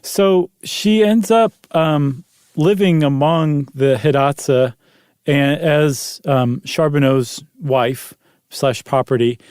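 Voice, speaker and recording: A man's voice: on the high side, slow, a little mellow, smooth, dry recording. A man co-hosting a podcast in casual chat, easygoing with dry teasing and frequent ums. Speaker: podcast co-host.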